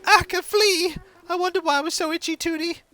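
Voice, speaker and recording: A streamer voicing an itchy, fussy female elephant villager from a life-sim game in a squeaky voice. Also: fairly even intonation, a little fast, sharp tone.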